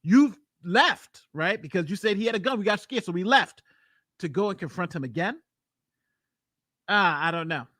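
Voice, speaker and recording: A man, a lawyer, giving blunt, emphatic reaction commentary and thinking out loud about a trial. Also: sits high, animated, moderate pace, no room sound.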